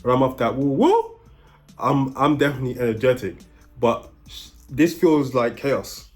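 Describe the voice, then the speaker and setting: A man co-hosting a podcast, giving calm and measured opinions while reacting to a clip. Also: medium pitch, faint music behind. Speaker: podcast co-host. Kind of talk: casual reaction commentary.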